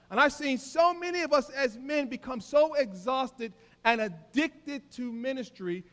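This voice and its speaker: High-voiced man preaching in a hall. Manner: emphatic, dramatic swings between loud and soft. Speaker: keynote speaker. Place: large hall. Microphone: handheld mic. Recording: live in a reverberant hall.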